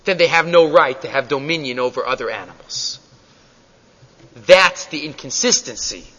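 A man giving a Torah study lecture, animated and full of rhetorical questions, reading texts aloud. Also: high voice. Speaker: Torah teacher. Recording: dull recording in a reverberant hall.

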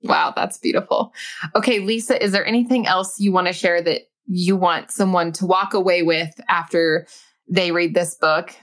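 Lively woman host, lower-pitched voice. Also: moderate pace. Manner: warm, animated, enthusiastic storytelling. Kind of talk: casual interview chat.

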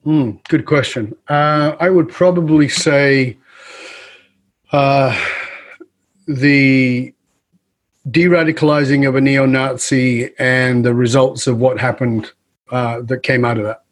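A middle-aged man, a guest on an interview show, telling a story in a lively conversational way and acting out the dialogue. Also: medium pitch, slow, pauses often. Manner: animated storyteller who acts out quoted dialogue. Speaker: guest speaker and coach.

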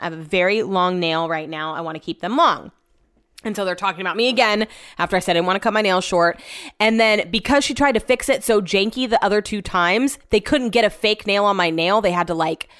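A woman's voice: medium pitch, fairly bright tone. Chatty young woman rambling a storytime. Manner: chatty, rambling, frank with casual swearing. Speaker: vlogger. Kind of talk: casual storytime chat. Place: home, indoors.

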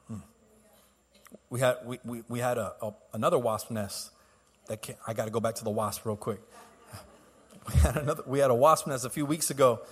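A man's voice: medium pitch, fairly bright tone. A man preaching a sermon as pastor, telling stories casually with restarts and laughs, then building to fervent exhortation. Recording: long hall reverb.

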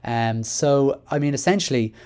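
A man's voice: medium pitch, normal speed, darkish tone. An Irish man hosting a solo education podcast, talking in a chatty, rambling way with many fillers and restarts. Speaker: podcast host.

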